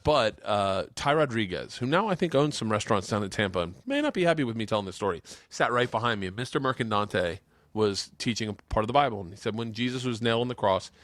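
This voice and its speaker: A man's voice: fairly low pitch, fast, no room sound, studio quality. A man hosting a podcast, telling rambling stories in a casual chat, swearing freely and laughing as he talks. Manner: animated, profane, laughs while telling stories. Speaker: podcast host.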